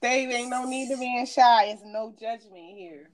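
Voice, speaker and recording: A woman's voice: on the high side, steady tone, unhurried. A woman co-hosting a podcast in casual chat, coaxing a guest and laughing often. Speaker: podcast co-host.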